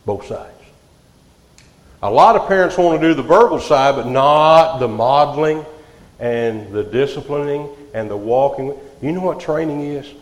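A man preaching a sermon, swinging from loud outbursts to hushed, quiet lines. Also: medium pitch, animated, measured pace. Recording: echoey hall, reverb.

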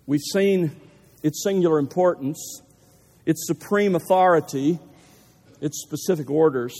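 High-voiced emphatic male preacher in a hall. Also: unhurried, creaky, dark tone. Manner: emphatic, building to stressed repetitions. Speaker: pastor. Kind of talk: sermon. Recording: long reverb of a large hall.

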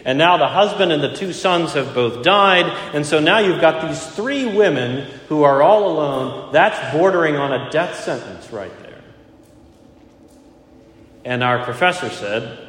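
A male pastor delivers an earnest sermon and hammers home his key phrases through repetition. His voice sits a little high for a man. The sound carries a long, roomy reverb, as if captured in a large church hall. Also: a bit bright. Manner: earnest preaching, repeating key phrases for emphasis. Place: church sanctuary.

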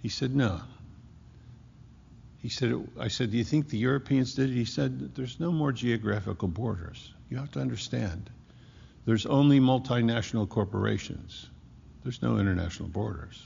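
A man preaching a sermon, emphatic, slowing down to stress key words. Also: medium pitch, creaky, darkish tone, husky. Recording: muffled hall recording with long echo.

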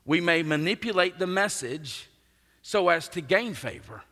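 A man preaching a sermon as pastor, earnest and emphatic, with his voice swinging between forceful rises and quiet drops. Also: high-pitched, lively intonation, unhurried. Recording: long reverb of a large hall.

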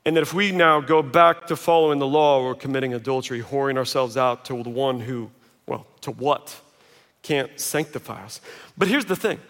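A man preaching a sermon in a large auditorium, conversational and self-mocking, slipping into animated quoted voices. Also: mid-range voice, normal speed. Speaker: pastor. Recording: long reverb of a large hall.

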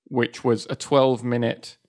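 A man of middle pitch co-hosting a podcast, talking freely in casual chat. He laughs easily and likes to tease his partner. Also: flat delivery, unhurried, darkish tone. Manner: chatty, laughs easily, teasing. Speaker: podcast co-host.

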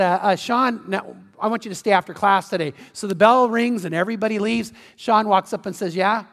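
High-voiced pastor in a reverberant hall. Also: male voice, creaky. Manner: animated storytelling, acting out quoted voices; drops to soft, slow, intimate appeal at the close. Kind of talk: sermon.

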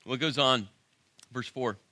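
A male pastor preaching a sermon, animated and emphatic with dramatic pauses. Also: medium pitch, dry recording.

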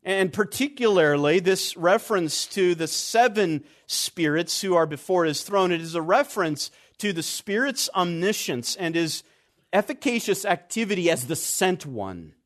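A man preaching an expository sermon, stressing key words deliberately and letting his voice drop low and quiet at the ends of phrases. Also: lively intonation.

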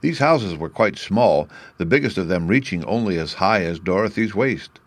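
A man narrating a classic storybook chapter in a measured, even way. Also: deep voice, no room sound. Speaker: audiobook narrator.

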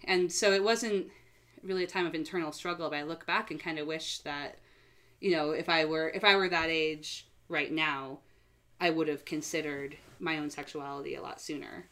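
A young woman with a notably low voice talks easily as a podcast guest. Her speech is relaxed and chatty, full of small fillers, like someone sharing her own story among friends. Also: normal speed. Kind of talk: casual podcast conversation.

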